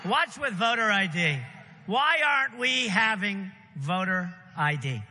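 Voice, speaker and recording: A man speaks at a political rally, his voice high and very bright, with a forceful edge. He rambles and repeats himself, throwing punchy asides at the crowd. The sound carries a long arena reverb over faint background ambience. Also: expressive, a little slow, slight background noise. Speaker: political candidate. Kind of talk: campaign rally speech. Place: large rally venue.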